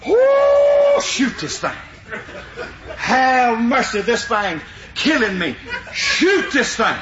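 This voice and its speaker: An older man putting on the voice of a terrified tree climber, yelping and shrieking in a high strained voice. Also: wildly swooping pitch, very slow, a crowd in the background, heavily acted. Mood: panicked. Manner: shrieking, high-pitched yelps. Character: old man hollering in panic up a tree. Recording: dull lo-fi recording in a roomy hall.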